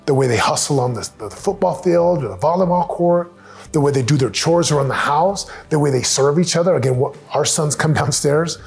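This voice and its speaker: A man's voice: mid-range voice, a little mellow. A middle-aged man giving an earnest, emphatic motivational talk on family advice, acting out quotes as he goes.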